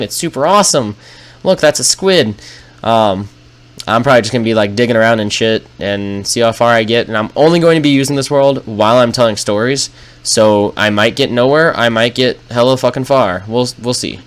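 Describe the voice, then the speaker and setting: A young man in a relaxed, profane storytelling mode, chatting over a video game. His voice sits at an ordinary pitch, and he is wry and unhurried, letting the jokes land. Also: clear, resonant tone. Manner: laid-back, profane, wry. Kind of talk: casual storytelling over gameplay.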